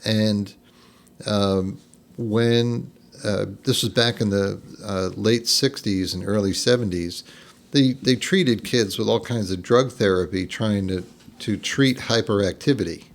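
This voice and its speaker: A man's voice: fairly low pitch, a little slow. An older man from New Jersey, a podcast guest telling a family anecdote in a rambling, casual way, full of fillers and restarts. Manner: rambling, lots of fillers and restarts, laughs at his own story. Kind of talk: casual storytelling.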